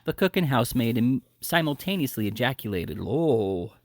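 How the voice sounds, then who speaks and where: A man reading a classic novel aloud as an audiobook, lively and expressive, with small slips and restarts. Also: mid-range voice, fairly quick, no echo. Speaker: audiobook reader.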